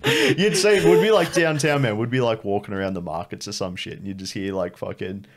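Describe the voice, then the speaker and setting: An Australian man, guest on a podcast, rambling through a story with lots of swearing and animated impressions. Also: fairly low pitch, a little fast, a crowd in the background. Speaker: guest, host's brother. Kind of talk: casual storytelling chat.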